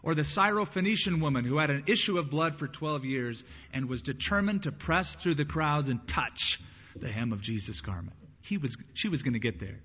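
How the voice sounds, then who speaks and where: A male pastor preaching a sermon, swinging from quiet asides to loud, raised bursts. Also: fairly high pitch, animated, normal speed, slightly rough. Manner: preaching with rising bursts and acted quotes. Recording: lo-fi church hall with long reverb.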